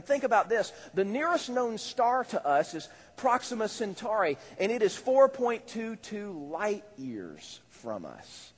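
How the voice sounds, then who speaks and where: A male pastor preaching a sermon in a conversational, animated way, with rising exclamations. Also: sits high, slightly rough. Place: church hall. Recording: echoey church hall.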